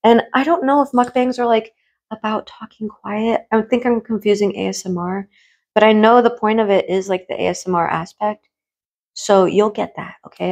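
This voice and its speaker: A woman in a casual mukbang chat, eating and rambling in a hushed tone, full of fillers and the odd swear. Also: medium pitch, normal speed. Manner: speaks in a hushed tone while eating. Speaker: food vlogger and streamer.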